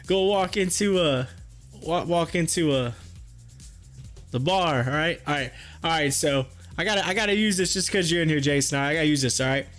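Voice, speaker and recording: A man's voice: fairly high pitch, fairly quick, a bit bright, soft background music. A man hosting a live stream, chatting casually and telling joking stories, often breaking into laughter. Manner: joking storyteller, laughs a lot.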